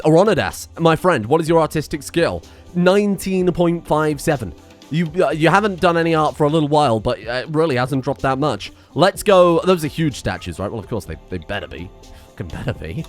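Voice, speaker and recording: Animated sweary gaming host. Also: male voice, a little high. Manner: animated, rambling, sweary, self-mocking. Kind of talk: let's play commentary.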